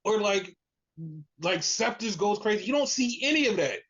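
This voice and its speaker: Animated podcast host, muffled lo-fi audio. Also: mid-range voice, moderate pace. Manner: animated storytelling, heavy use of "like". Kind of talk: casual wrestling recap chat.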